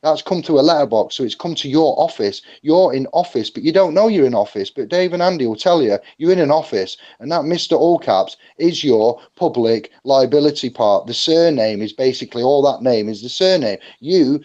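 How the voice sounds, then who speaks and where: A jokey, animated man gives a casual seminar talk at a mid pitch. He acts out phone calls to make his points. The recording sounds slightly dull and lo-fi. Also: fairly quick, hardly any pauses. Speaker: seminar speaker.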